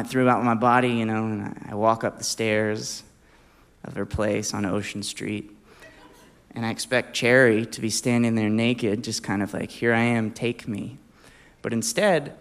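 A man from Alabama telling a personal anecdote in a casual, animated way, often breaking into laughter. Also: mid-range voice. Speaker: storyteller.

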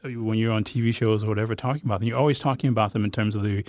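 A man interviewing a film director, asking long, halting questions. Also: on the low side, fairly even intonation, a little mellow, no echo, studio quality. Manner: halting, rambling questions with restarts.

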